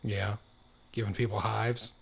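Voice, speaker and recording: A man's voice: lowish voice, level tone, a little slow, vocal fry, husky. A man co-hosting a casual chat, joking and riffing on celebrity gossip.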